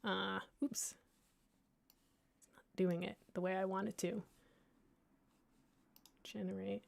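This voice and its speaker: A woman at an ordinary pitch walks a class through audio editing in a relaxed, chatty way. She pads her sentences with fillers, restarts mid-thought and jokes at her own slips. It sounds like an informal library workshop, not a script. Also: slow, creaky. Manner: chatty, many fillers and restarts, thinks aloud; playful, lightly self-mocking. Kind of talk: casual screen-share software tutorial.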